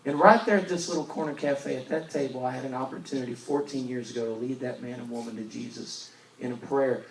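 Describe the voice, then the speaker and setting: A male evangelist, preaching a storytelling sermon and swinging from loud emphasis to hushed asides, recorded in a church. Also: mid-range voice, quick pace, a little hiss or hum. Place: church sanctuary. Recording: roomy church recording from a distance.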